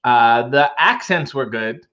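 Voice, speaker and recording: A man's voice: mid-range voice, lively intonation, slow pace, sharp tone, highs cut off. Dry, joking man reading comments. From Canada. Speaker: livestream host. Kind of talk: casual chat reading comments. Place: home.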